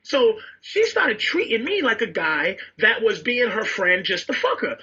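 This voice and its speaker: Brash man with a high, bright, raspy voice. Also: big pitch swings, normal speed, hardly any pauses, highs cut off. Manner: brash, blunt, laughing through his story. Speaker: comedian on a radio show clip. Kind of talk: loud storytelling advice.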